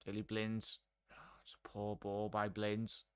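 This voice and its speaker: A man's voice: lowish voice, monotone, a little slow, smooth. A man hosting a live football watchalong, chatting with viewers as he calls the play. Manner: chatty, addresses chat and viewers by name. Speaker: watchalong host.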